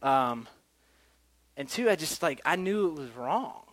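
A man's voice: fairly high pitch, animated, measured pace, fairly bright tone. A man preaching a sermon in a casual, chatty way, often restarting his words.

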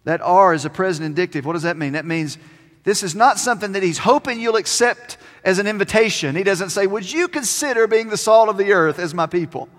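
Male pastor, high voice, emphatic sermon delivery, long hall reverb. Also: a bit bright. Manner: emphatic, slows down on key words.

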